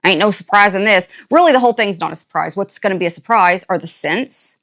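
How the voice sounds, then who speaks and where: An older woman hosting a casual unboxing, chatty and playful with quick asides and a jokey put-on country twang. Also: medium pitch, expressive, fairly bright tone. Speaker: unboxing channel host. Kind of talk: casual product unboxing chat.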